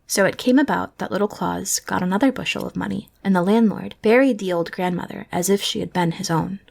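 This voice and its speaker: A woman reading a fairy tale aloud in a soft, hushed bedtime voice, as whispered role-play. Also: mid-range voice, a little fast, creaky, few pauses. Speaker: storyteller.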